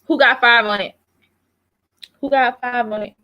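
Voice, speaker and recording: Bright hype-woman livestream host. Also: fairly high pitch, fairly even intonation, unhurried, no room sound, highs cut off. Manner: hype, coaxing donations, slangy. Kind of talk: casual fundraising chat.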